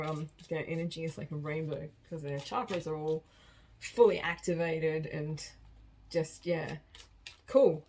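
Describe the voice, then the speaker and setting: A woman's voice: low-pitched, a little mellow, rough recording. A woman giving a casual collective tarot reading, chatty and rambling, often laughing at herself. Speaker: tarot card reader.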